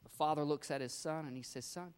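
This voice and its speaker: A man preaching a sermon as pastor, rising to loud emphatic bursts and dropping to quiet, low endings. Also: fairly even intonation, fast, clean tone, long reverb tail.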